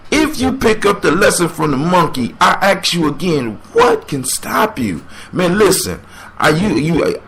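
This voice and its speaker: A man's voice: a little high, very animated, normal speed, vocal fry, a bit bright. A man hosting a podcast, giving motivational commentary on a folk tale with preachy, emphatic repetition. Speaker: podcast host.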